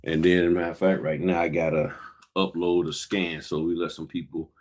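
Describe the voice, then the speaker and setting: A man's voice: low-pitched, little pitch movement, brisk, darkish tone. A man hosting a casual livestream about the notary business, slightly winded, greeting viewers by name while he works on paperwork. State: a little winded.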